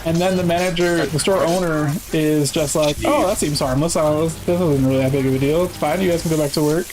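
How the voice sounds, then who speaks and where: A man's voice: fairly high pitch, fairly even intonation, low-quality recording. A man telling a long, profane workplace story in casual chat with friends. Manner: profane storytelling, quick bursts. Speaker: streamer.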